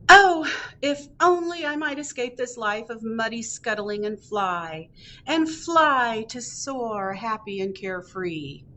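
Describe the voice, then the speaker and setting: A woman's voice: fairly high pitch, lively intonation, slow, bright, forceful tone, a little hiss or hum, heavily acted. A woman voicing a wistful crab in a storybook who longs to fly, speaking in a theatrical, yearning way.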